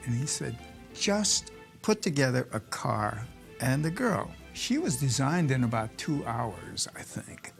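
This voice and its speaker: A man who worked on the cartoon, recounting its creation in an interview with hesitant pauses. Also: mid-range voice, big pitch swings, vocal fry, soft background music. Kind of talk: reminiscing in interview.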